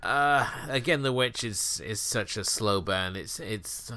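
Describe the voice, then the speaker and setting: A man co-hosts a casual podcast, talking in a measured, reflective way. His voice is lowish but forceful and bright in tone. The recording is close and dry. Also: no echo. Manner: measured, thoughtful, speaks as a parent. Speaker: podcast co-host. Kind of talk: casual film discussion.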